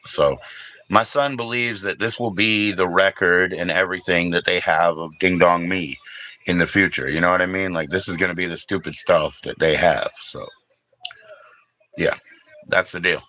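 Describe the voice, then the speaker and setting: Low-voiced, bright-toned man. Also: fairly even intonation, moderate pace, rough recording. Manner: rambling, profane, talks to chat viewers. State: briefly emotional, teary. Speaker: livestream host. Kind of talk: casual livestream chat.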